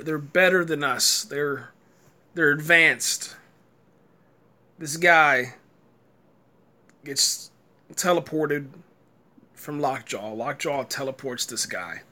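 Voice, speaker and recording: A man's voice: fairly high pitch, takes it slowly, long pauses, sharp tone. A man giving a casual, exasperated review rant, stumbling and repeating words and breaking into laughter. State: tired, early morning.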